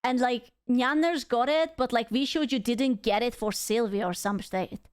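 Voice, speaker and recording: A woman's voice: on the high side, moderate pace, clear, resonant tone. A woman streamer giving casual reaction commentary, ranting in a heated, profane way because she is upset. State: angry and upset.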